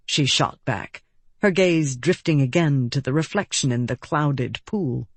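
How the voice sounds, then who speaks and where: Woman narrator for a fantasy audiobook; low, unhurried, measured delivery. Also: lively intonation, no echo. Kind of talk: scripted narration.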